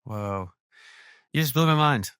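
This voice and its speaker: An American podcast host conducts a casual interview in a medium-pitched, lively voice at a measured pace, sounding slightly bright, clear, and resonant. The recording is dry, clean studio sound, and he speaks enthusiastically and effusively with frequent restarts.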